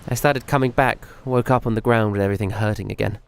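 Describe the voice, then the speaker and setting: A man voicing a troubled young man who confides a fear in a hesitant, halting, earnest way. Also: lowish voice, fairly even intonation, creaky, smooth, no echo. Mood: uneasy confiding.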